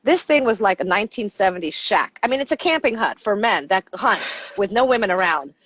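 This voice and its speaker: A woman with a medium-pitched voice talks fairly quickly as a guest on a podcast. She's a middle-aged coach from the United States who spins lively stories in a casual interview, acting out the quoted people.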